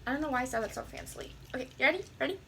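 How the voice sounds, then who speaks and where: Woman, high-pitched voice, beauty vlogger, casual tutorial chat, chatty, self-deprecating. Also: expressive, rapid-fire, creaky, noisy background. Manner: chatty, self-deprecating, talks while doing makeup.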